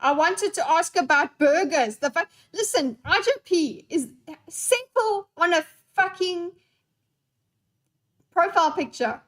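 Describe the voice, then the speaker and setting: High-voiced, playful woman streamer. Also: expressive, unhurried, fairly bright tone. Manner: scattered, swears freely, playful. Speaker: live streamer reading chat. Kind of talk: unscripted live-stream chat.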